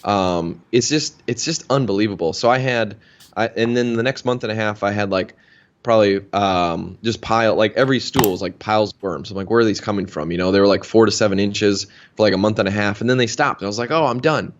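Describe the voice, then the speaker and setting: A health practitioner, a man with a fairly low voice, tells a long personal story in an interview at a fairly quick pace. He's chatty and anecdotal, with lots of fillers, and the recording sounds muffled.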